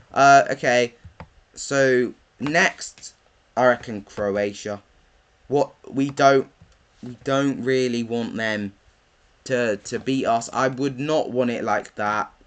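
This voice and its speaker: A young man, chatting casually through his football predictions, thinking aloud with lots of ums. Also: medium pitch. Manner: rambling, thinks aloud with many ums, bursts into excited chanting. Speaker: football vlogger.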